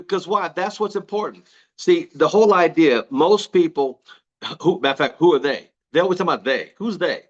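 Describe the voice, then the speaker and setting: A man's voice: fairly high pitch, dull audio. A man giving a motivational talk to an audience, emphatic and repeating his key phrases, asking the crowd questions. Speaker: motivational speaker.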